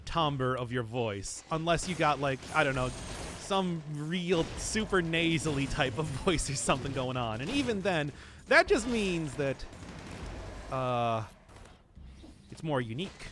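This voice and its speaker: Male streamer, animated and chatty, talking to chat over his game, voice on the higher side for a guy, faint music underneath. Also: background noise. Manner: chatty and rambling, talking to chat while playing. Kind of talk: casual gameplay commentary.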